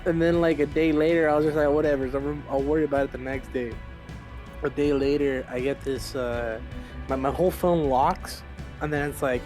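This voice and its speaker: A young man telling an animated story with laughs in casual chat as a podcast co-host. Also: fairly high pitch, moderate pace. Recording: clear music behind the talk.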